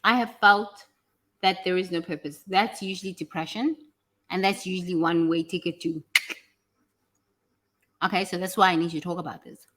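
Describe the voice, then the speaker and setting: Woman giving a blunt casual spiritual talk, bright sharp voice, swears a lot. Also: fairly low pitch, normal speed, pauses often. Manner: animated, blunt, swears freely, acts out other people's words. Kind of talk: casual motivational teaching talk.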